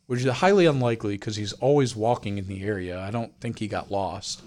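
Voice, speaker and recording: A young man casually telling a story on a podcast, lively and full of swearing, acting out the people he quotes. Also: lowish voice, a little fast, hardly any pauses. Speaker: podcast co-host.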